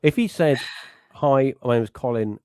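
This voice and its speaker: A man's voice: medium pitch, expressive, normal speed, darkish tone, clear, resonant tone, no room sound, clean studio sound. A middle-aged man hosting a podcast in casual chat, rambling and breaking off to act out little quotes. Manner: rambling, self-interrupting, acts out quotes. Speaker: podcast host.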